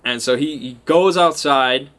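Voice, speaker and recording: A man's voice: medium pitch, measured pace, a bit bright. A man recapping a tabletop game session as its game master, rambling and often stopping to hunt for names. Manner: rambling and self-interrupting, often loses track of names. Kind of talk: casual storytelling recap.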